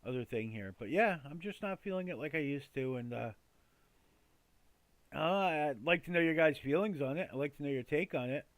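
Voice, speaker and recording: A man hosting a casual news commentary in a chatty, rambling way, often repeating himself and filling gaps with ums and uhs. His voice sits a bit high for a man. The sound is dry and close, with no room echo. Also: animated, normal speed. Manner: loose, chatty, many fillers and repeats.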